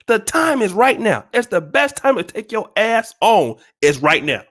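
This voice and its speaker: Animated, profane ranting man. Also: high voice, a little slow, few pauses. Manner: emphatic, profane, repetitive, preachy. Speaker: channel host. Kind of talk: ranting commentary to viewers.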